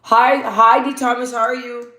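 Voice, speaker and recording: A vlogger speaks to her viewers while applying makeup at home, her voice deep and bassy, which she herself calls deep for her, with a level, sharp tone at normal speed. Emphatic and motivational, she's blunt and slangy and keeps repeating phrases, and the room echoes noticeably.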